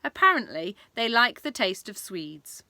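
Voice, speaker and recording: A woman voicing a regal, brisk queen who gives crisp orders in a storybook reading. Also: mid-range voice, big pitch swings, bright, forceful tone, dry recording, exaggerated voice. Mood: commanding. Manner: crisp, imperious.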